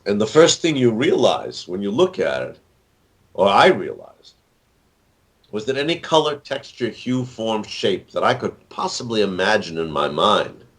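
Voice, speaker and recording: An author and actor in his sixties rambles through a casual interview as a guest, with plenty of fillers and restarts. His lowish, fairly bright voice swings widely in pitch at a measured pace.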